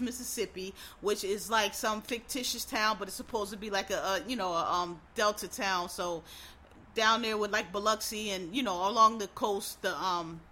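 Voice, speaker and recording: A man's voice: sits high, sharp tone. A man hosting a casual show, going on an exasperated, profanity-heavy rant with lots of emphatic repetition.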